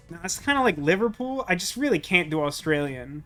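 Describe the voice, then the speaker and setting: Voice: mid-range voice, big pitch swings, a little fast, few pauses, fairly bright tone, faint music behind. A streamer chatting casually and self-deprecatingly while playing a puzzle game, with many fillers. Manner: rambling, self-deprecating, lots of "like". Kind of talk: casual let's-play commentary.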